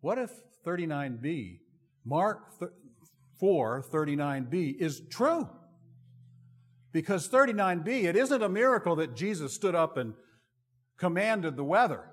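A middle-aged male pastor preaching a sermon in an expressive, conversational and self-deprecating way. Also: on the high side, a little slow, long pauses. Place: church sanctuary. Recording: long reverb of a large hall.

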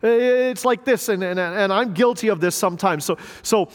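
A man's voice: sits high, moderate pace, big-room sound. A middle-aged male pastor preaching a sermon in a church, in a conversational way with rhetorical questions and repeated words. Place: church sanctuary.

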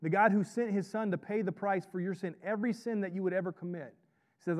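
A man preaching a sermon with a slightly high voice. He talks conversationally, often asks "right?" and draws the congregation in, as a pastor and chaplain. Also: fast.

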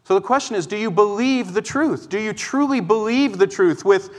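A pastor with a high voice preaches earnestly in church at a moderate pace, his pleading swinging from forceful calls to action down to quiet teaching. The recording carries the lingering echo of a large church hall.

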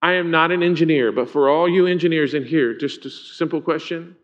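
Pastor, male, higher voice, chatty sermon delivery with questions to the room, dull lo-fi recording. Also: brisk. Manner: informal, asks the congregation questions. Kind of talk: conversational sermon. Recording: dull lo-fi sound.

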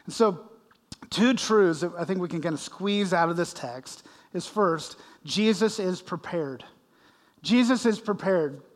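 Male preacher, higher voice, verse-by-verse sermon, long reverb of a church hall. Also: lively intonation, unhurried. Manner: expository preaching with dramatic readings of scripture. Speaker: pastor.

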